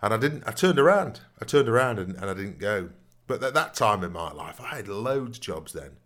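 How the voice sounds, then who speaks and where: A man's voice: fairly low pitch, very animated, brisk, a bit bright. A man telling long, rambling stories in a casual podcast chat, often adding "you know what I mean". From Nottingham, England. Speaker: podcast co-host.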